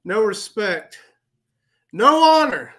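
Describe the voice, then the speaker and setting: A man doing an impression of a fiery old-school male wrestler cutting a promo, preaching with drawn-out emphasis and a voice pushed far above his own. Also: sits high, big pitch swings, a bit bright, voice pushed up, exaggerated voice.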